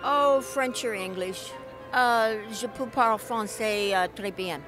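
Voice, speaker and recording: A woman's voice: a little high, measured pace, music in the background. Hesitant woman telling a travel story. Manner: hesitant, many fillers. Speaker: interviewee. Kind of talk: casual storytelling. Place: busy travel expo hall.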